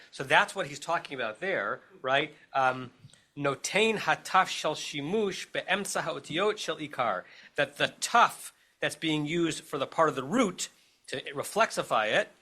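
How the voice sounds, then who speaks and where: A man's voice: on the high side, sharp tone. A man with an American accent, a rabbi teaching a text study class over a video call, explaining step by step and checking in with his listeners as he goes.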